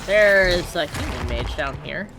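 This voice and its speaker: A woman's voice: sits low, expressive, a little slow, over music. A woman giving casual, playful commentary while playing a video game, exclaiming at what happens on screen. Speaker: let's-play streamer.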